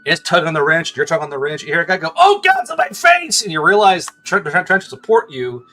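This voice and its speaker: A man's voice: fairly high pitch, fast, pushed and bright, soft background music. A man narrating as game master, stammering, laughing and swearing loosely.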